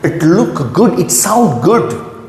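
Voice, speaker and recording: A man's voice: sits high, sing-song, slow pace. A man teaching an English grammar lesson, writing on a board and often checking in with his listeners. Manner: checks in often with the listener, repeats key phrases; writes on a board while explaining. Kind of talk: classroom-style grammar lesson. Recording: echoey room with long reverb.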